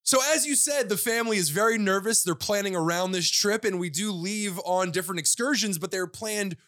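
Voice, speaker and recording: A man's voice: sits high, fairly quick, sharp tone, no echo, studio quality. A man co-hosting a podcast, telling a story in a casual, teasing way and laughing often. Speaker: podcast co-host.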